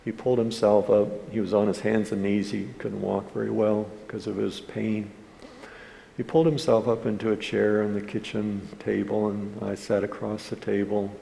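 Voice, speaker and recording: A man's voice: lowish voice, flat delivery, moderate pace, creaky, warm tone. A man preaching as a pastor, telling a story in an earnest way and acting out the people in it. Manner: earnest storytelling, quoting others in dialogue. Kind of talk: sermon with a storytelling anecdote. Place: church hall. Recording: hall reverb with faint room noise.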